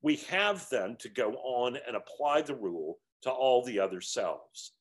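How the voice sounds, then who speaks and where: An earnest man reads from a book and comments on it. His pitch moves freely, and he sounds reflective. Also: a bit bright. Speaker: teacher of a book discussion series.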